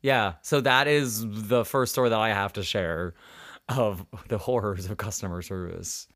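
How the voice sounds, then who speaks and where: Speaking unhurriedly in a lowish voice, a young man hosts a podcast and shares stories in a casual, animated way. He swears and performs the voices of the people he quotes.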